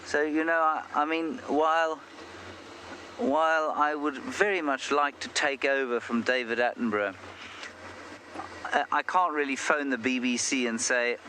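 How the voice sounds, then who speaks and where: A man's voice: mid-range voice, fairly even intonation, measured pace, pushed and bright, slight background noise. A man hosting a live safari broadcast outdoors, chatting and telling stories with a self-deprecating humor. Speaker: safari guide and live show host. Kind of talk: live safari commentary, casual chat. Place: outdoors in the bush, on a game drive.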